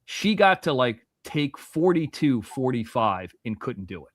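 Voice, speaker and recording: A man in his forties, originally from Florida, telling a long story as a podcast guest, animated and profane, full of restarts and asides. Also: medium pitch, unhurried, no echo, clean studio sound.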